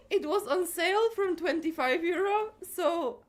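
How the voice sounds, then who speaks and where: A woman's voice: very high-pitched, big pitch swings, measured pace, a bit bright. A woman streaming a game live, chatting casually with viewers and greeting them by name while a little out of breath.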